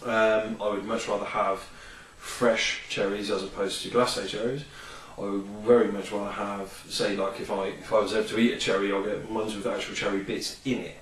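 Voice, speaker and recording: A man's voice: on the low side, level tone, moderate pace, hardly any pauses. A man reviewing a product in a casual, rambling vlog, full of ums and enthusiasm. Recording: roomy, distant from the mic.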